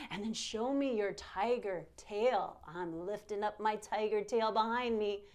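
With a medium-pitched, mellow voice and a measured pace, a woman teaches yoga to young children. She addresses them directly, playful and encouraging, and tells a make-believe story punctuated by gasps and exclamations.

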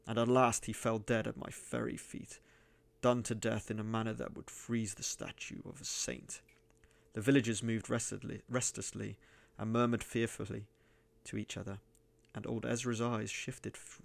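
A man reading a dark adventure story aloud, measured and sometimes rising to loud declaiming. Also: lowish voice, vocal fry. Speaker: reader and gaming channel host.

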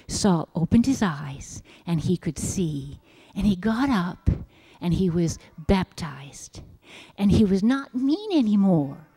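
A woman giving a children's sermon in church, reading a Bible story in a gentle, expressive storytelling manner. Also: fairly low pitch. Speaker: children's message leader at church. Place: church sanctuary.

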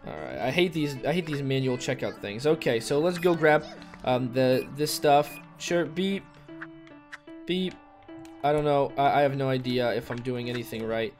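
A man hosting a gaming video, giving casual, excitable play-by-play commentary and exclaiming and swearing often. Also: medium pitch, normal speed. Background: faint background music.

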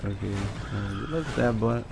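A man's voice: lowish voice, normal speed, music in the background. A young man chatting casually and swearing while playing a video game with a friend. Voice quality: gravelly, swearing and laughing often. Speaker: gamer. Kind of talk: casual gaming banter. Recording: noisy game audio behind.

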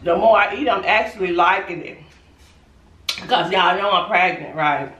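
With a fairly low, slightly bright voice at normal speed, the pregnant young woman casually sasses her viewers while doing a food challenge vlog. The highs are cut off and a little hiss or hum sits in the background. The mic is distant and the room echoes.

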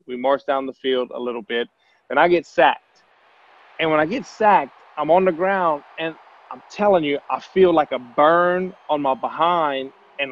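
A man, a former quarterback, telling a long story in a relaxed, rambling way with plenty of fillers. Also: medium pitch. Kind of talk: casual anecdote telling. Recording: dull lo-fi, dry sound.

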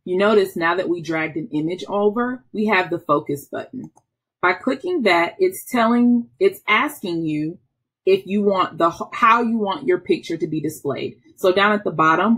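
Low husky-voiced woman giving a tutorial. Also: fairly bright tone. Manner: patient step-by-step explaining with small restarts. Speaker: instructional technology trainer. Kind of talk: screen-recorded software tutorial.

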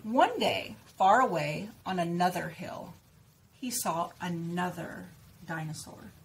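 Woman speech teacher, lower voice, clear deliberate articulation, story read-aloud with drills. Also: animated, a little hiss or hum. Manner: slow, clearly stressed repetition of target words. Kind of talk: reading a picture book aloud with word practice.

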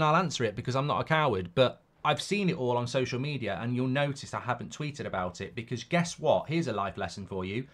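A man's voice: medium pitch, fairly bright tone. Opinionated man rambling on a live stream. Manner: rambling and opinionated, many restarts. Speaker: football watchalong host. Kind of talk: casual live-stream chat reading viewer comments.

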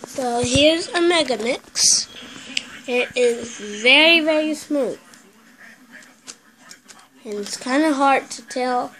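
A woman hosting a casual unboxing video, chatty and excitable, stopping often to correct herself. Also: a little high, poor audio. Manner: chatty, excitable, stop-start with many self-corrections. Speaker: video host.

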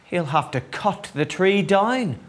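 A man doing a shrill, cross storybook hen. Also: unhurried, a bit bright. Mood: warning. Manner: shrill and complaining.

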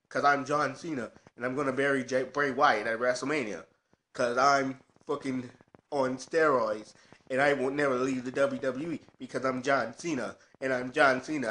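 A man's voice: medium pitch, fairly bright tone, close to an everyday voice. A man doing a sarcastic impression of a smug male pro wrestler who whines and pleads for the crowd's love.

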